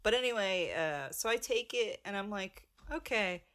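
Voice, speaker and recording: A woman's voice: mid-range voice, lively intonation, moderate pace, a bit bright. A woman telling a rambling story in casual podcast chat, laughing as she goes and swearing freely. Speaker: podcast co-host.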